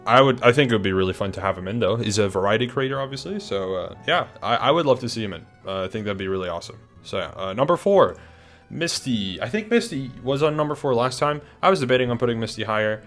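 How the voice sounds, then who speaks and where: A man's voice: mid-range voice, expressive, fast, fairly bright tone. A young man talking casually through a ranked list of players, chatty and hesitant, with many fillers and restarts. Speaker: video creator ranking players. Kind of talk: casual ranking commentary. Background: faint music.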